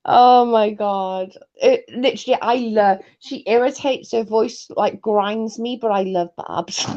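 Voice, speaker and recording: A woman's voice: fairly high pitch, slow, mellow. A woman chatting casually on a livestream, laughing often and telling rambling stories. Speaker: guest co-host. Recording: muffled lo-fi stream audio.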